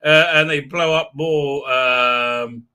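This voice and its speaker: A man's voice: medium pitch, fairly even intonation, takes it slowly, sharp tone, clean tone. A man hosting a live stream, recapping a TV episode with mocking humor, acting out scenes with silly voices and sound effects, with many hesitant fillers.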